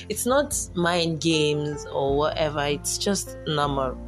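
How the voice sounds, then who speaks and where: A woman's voice: fairly low pitch, measured pace, soft background music. A young woman chatting casually about relationships, acting out her own past self in quotes and laughing often. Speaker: vlogger giving relationship advice. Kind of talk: casual storytelling monologue.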